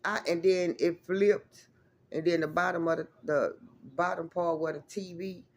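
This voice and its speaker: A woman's voice: lowish voice, steady tone, normal speed. Woman vlogging, rambly profane storytime, keeps saying y'all, real casual. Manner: rambling, emphatic, profane, addresses viewers as y'all.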